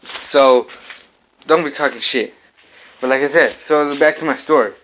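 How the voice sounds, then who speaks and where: Young male vlogger, bright voice, animated storyteller, punches out his own sound effects. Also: medium pitch, a little slow. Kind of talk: casual storytelling vlog. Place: home kitchen.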